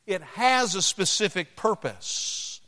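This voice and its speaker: High-voiced preacher in an echoing hall. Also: male voice, sing-song, pushed and bright. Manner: emphatic, dramatic pauses, acts out voices. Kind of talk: sermon with personal storytelling. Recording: long hall reverb.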